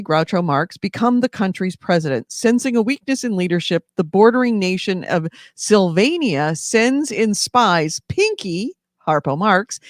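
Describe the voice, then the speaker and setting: A man's voice: high voice, no echo, studio quality. Rambling man on a gaming podcast. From California. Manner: rambling, with many fillers and restarts. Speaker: podcast co-host. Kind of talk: casual news chat.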